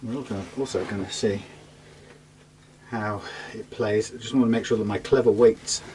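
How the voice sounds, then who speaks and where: A man's voice: on the low side, steady tone, normal speed, a little mellow, a little hiss or hum, poor audio. A man chatting casually to himself as he sets up a guitar, often trailing off mid-sentence. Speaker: guitar technician vlogger. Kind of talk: casual talk while working. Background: guitar being played and tuned.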